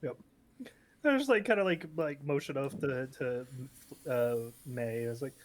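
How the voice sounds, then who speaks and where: A man's voice: mid-range voice, a little slow. A man playing a tabletop game, talking loosely with lots of fillers and casual swearing. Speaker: player.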